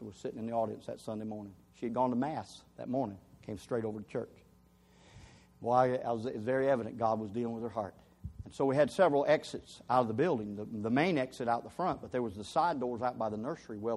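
A man as a pastor, preaching a sermon as an animated story with rising emphasis. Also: medium pitch, slightly rough.

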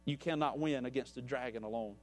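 A man voicing a grieving, merciful old king, speaking low, soft and grave in a church. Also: brisk, long reverb tail, lightly acted. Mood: tender.

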